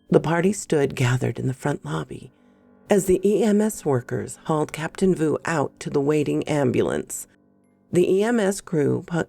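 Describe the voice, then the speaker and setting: Gravelly woman narrating a horror story. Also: sits low, warm tone, dry recording.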